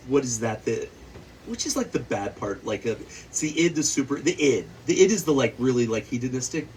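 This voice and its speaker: A man, a novelist, talking loosely at a bookstore event, full of "like" and quick laughs. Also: medium pitch, a little mellow. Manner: rambling, heavy use of "like", laughs often. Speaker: novelist guest. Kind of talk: casual conversation at a book event. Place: bookstore event before an audience. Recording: distant mic with faint noise.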